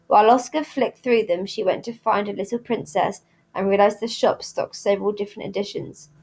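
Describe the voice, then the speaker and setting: A woman reading a children's novel aloud in clear, steady storytelling. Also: medium pitch, a little fast. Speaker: reader at a school.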